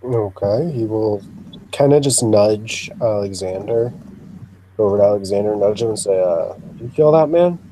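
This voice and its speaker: Male tabletop player, relaxed, clear background noise. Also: on the low side, normal speed, poor audio. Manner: relaxed, narrates his character's actions. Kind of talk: tabletop game chat.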